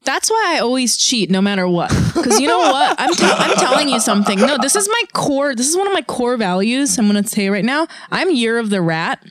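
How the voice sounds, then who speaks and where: A woman co-hosting a podcast, telling a story in casual chat, profane and animated. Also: a little high, brisk, few pauses, no room sound. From Korean heritage. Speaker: podcast co-host.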